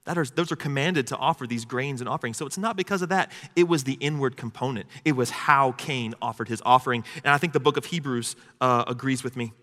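Bright-voiced preacher in an echoing hall. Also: male voice, mid-range voice. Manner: conversational preaching, with asides to the congregation. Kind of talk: sermon. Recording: long hall reverb.

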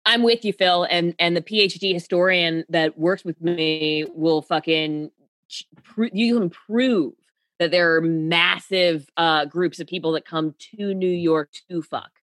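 A woman talking as a podcast guest in casual chat, animated and emphatic, swearing freely. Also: lowish voice, measured pace, no echo.

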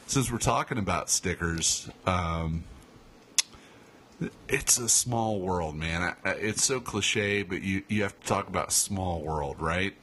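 A man's voice: sits low, takes it slowly, bright, forceful tone, a little hiss or hum. A man hosting a podcast, telling a story in casual, rambling chat with frequent restarts and swearing. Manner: rambling and profane, with many restarts. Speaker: podcast host.

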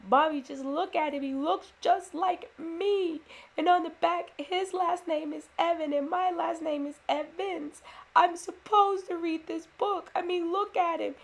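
A woman voicing her five-year-old son, high and insistent, pleading close to tears. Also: steady tone, measured pace.

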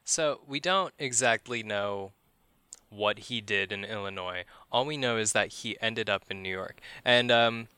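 Male podcast host, true-crime storyteller; low-ish, bright, smooth voice; casual, wry and profane. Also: unhurried, dry recording. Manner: profane, wry, laughs at grim details.

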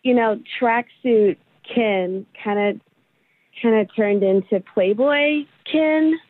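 A woman's voice: on the high side, slow, no echo. Chatty woman over a tinny phone line. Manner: chatty, storytelling with "like". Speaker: caller on the phone. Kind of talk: telling a story on the phone.

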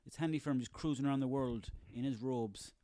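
Irish male, 30s, mid-pitched, solo comic ranter, sweary and sarcastic, dry close recording. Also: fast talker, mellow, dry recording. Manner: profane, sarcastic, ranting, rambling. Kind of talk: comic rant monologue.

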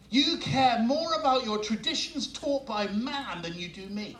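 A man preaching a sermon as pastor, telling stories with lively laughs. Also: very high-pitched, unhurried. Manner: animated storytelling with laughs. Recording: roomy sound from far off mic.

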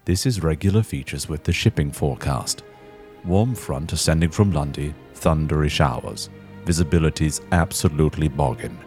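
A man putting on a British voice as a mock shipping forecaster, reading slowly and solemnly. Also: a bass voice, darkish tone.

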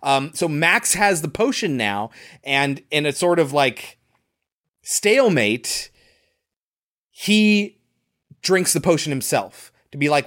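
A man's voice: a little high, slow, long pauses. A man co-hosting a podcast, casually recapping a movie and sharing behind-the-scenes trivia. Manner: relaxed, chatty, shares trivia with fillers. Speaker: podcast co-host.

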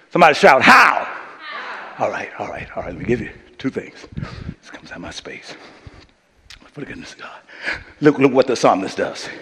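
A man preaching a sermon as pastor, working up to shouts and calling on the congregation to answer. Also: lowish voice, breathy edge, big-room sound. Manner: preaching with rising shouts and call-and-response. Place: church sanctuary.

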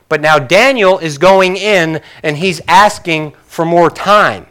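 A man's voice: on the high side, slow, fairly bright tone, smooth. A male pastor preaching a sermon in a conversational way, with joking, apologetic asides to his congregation.

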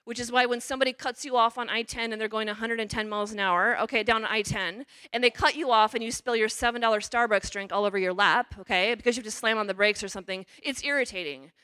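Bright-voiced sister giving a chatty sermon. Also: female voice, fairly high pitch, steady tone, fast, few pauses, clear, resonant tone, no echo. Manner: chatty, checks in with "okay?" and "you know". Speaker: religious sister giving parish mission talk. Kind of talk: conversational sermon.

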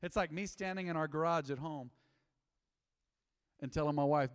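A middle-aged man preaching a sermon as pastor, lively and humorous, with acted-out quotes. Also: on the high side, moderate pace. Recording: echoey hall with long reverb.

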